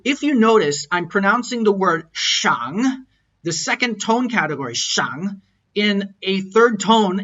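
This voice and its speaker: A language teacher with a high, fairly bright voice runs an online lesson over slides. He explains patiently and sounds out tones as examples. The lo-fi audio is dull.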